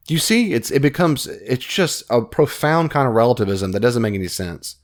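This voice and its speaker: A man hosting his own podcast, giving an animated, argumentative commentary and often correcting himself mid-sentence. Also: mid-range voice, moderate pace. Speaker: podcast host. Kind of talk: casual commentary.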